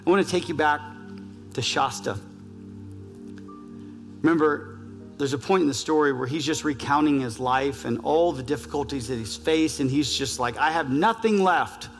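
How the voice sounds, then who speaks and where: A man's voice: medium pitch, normal speed, long pauses. A man preaching a sermon as pastor, earnest and building with repeated phrases. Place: church sanctuary. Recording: reverberant church hall, faint music.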